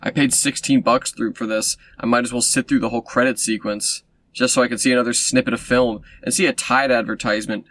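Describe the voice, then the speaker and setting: A man's voice: mid-range voice, steady tone, a little fast, fairly bright tone. A man casually recapping a film he reviews, sarcastic and rambling with lots of fillers and asides. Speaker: movie reviewer.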